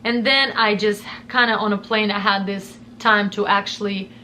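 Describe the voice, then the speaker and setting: Young woman for a personal vlog story, heartfelt and emotional, middle pitch. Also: fairly even intonation, moderate pace, sharp tone, slight background noise. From Russia. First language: Russian. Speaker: vlogger.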